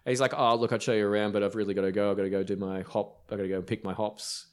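A man's voice: fairly low pitch, flat delivery, racing. A man with an Australian accent, a brewer on a podcast, telling rambling anecdotes in casual chat with lots of ums and restarts. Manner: rambling, filler-heavy anecdotes. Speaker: brewer guest.

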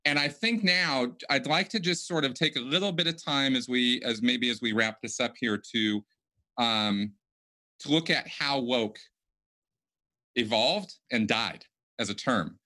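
A man's voice: medium pitch, a little slow, sharp tone. A man hosting a casual podcast conversation, speaking emphatically and often restarting his sentences. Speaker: podcast host.

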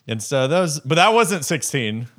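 A young man with a slightly higher voice, co-hosting a podcast. He tells stories in a loose, chatty way and drops "like" all through his talk. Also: big pitch swings, moderate pace, fairly bright tone. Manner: chatty storyteller, many "like" fillers. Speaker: podcast co-host. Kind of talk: casual chat.

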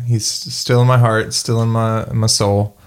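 A man's voice: lowish voice, flat delivery, unhurried, crowd noise. A man playing a tabletop role-playing game, joking around and hesitating with ums. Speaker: player. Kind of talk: casual tabletop game play.

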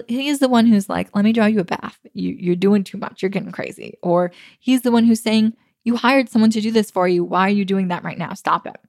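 A woman's voice: mid-range voice, darkish tone, no echo, studio quality. A woman in her thirties hosting her own podcast, talking casually and upbeat, laughing easily. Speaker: podcast host. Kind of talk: casual solo podcast talk. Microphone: computer recording.

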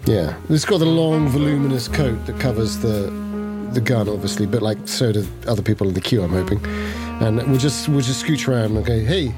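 A man's voice: mid-range voice, fairly quick, over music. Chatty man playing a tabletop game. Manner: chatty, playful, restarts often. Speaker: player. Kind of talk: tabletop game play, in character.

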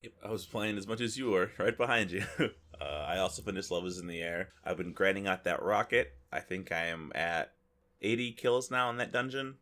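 A man co-hosting a casual gaming podcast, animated and joking, slipping into silly voices. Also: sits low, fairly quick. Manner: animated, breaks into exaggerated voices for jokes. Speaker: podcast co-host.

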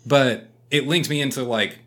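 Animated man telling stories, bright voice. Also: medium pitch, normal speed. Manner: animated storyteller, swears freely, acts out quotes loudly. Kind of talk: casual chat.

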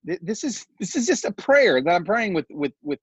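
Husky man telling a heartfelt story. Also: high voice, moderate pace, no echo. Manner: animated, heartfelt storytelling full of fillers. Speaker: podcast guest. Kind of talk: casual conversational storytelling.

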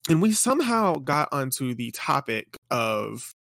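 A man's voice: medium pitch, big pitch swings, measured pace, gravelly, fairly bright tone, no room sound, clean studio sound. A young man co-hosting a casual gaming podcast, telling a funny story at an easygoing pace. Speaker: podcast co-host.

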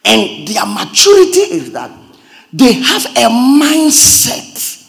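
A man, a pastor, preaching a sermon, explaining points like a teacher and asking again and again if he is understood, then rising into loud, emphatic preaching. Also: extremely high pitch, huge pitch swings, slow, gravelly. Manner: teacherly, checks understanding with repeated questions.

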